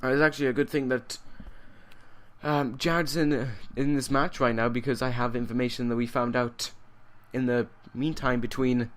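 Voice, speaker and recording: A man commentating a wrestling video game, excitable, shouting and laughing at big moments, with rambling self-correcting asides. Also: medium pitch, normal speed.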